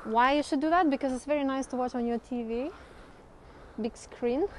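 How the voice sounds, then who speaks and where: A woman's voice: high-pitched, normal speed, darkish tone, a little hiss or hum. Chatty woman vlogging on a hike. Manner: chatty, laughs often. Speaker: vlog host. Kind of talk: casual chat while hiking. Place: outdoors on hillside stairs.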